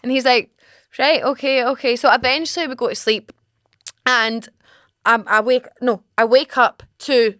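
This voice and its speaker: A woman's voice: a little high, clear, resonant tone, no room sound, studio quality. A woman in her twenties hosting a podcast, telling a story casually and with animation, laughing often and acting out what people said. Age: 20s. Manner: animated, laughing, acts out quotes. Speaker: podcast host.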